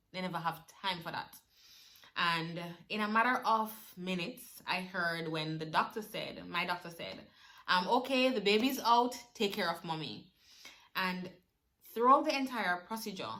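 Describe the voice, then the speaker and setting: A young woman, emotionally retelling a personal story in a vlog. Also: on the low side. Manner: animated, emotional retelling with laughs. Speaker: vlogger.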